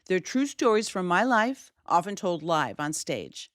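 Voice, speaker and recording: A woman hosting a podcast, telling a personal story in an animated way and acting out quoted voices. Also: a little slow, dry recording, clean studio sound. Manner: animated, shifting pitch widely for quoted voices. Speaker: podcast host.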